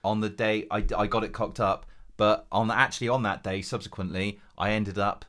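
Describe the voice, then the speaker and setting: A man's voice: lowish voice, fairly even intonation, moderate pace, fairly bright tone. A man co-hosting a podcast, trading playful, jokey banter in casual chat. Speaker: podcast co-host.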